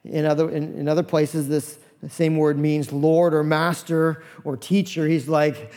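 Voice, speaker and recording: High-voiced pastor preaching in a hall. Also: male voice, takes it slowly. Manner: animated, acts out voices of figures. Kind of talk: sermon.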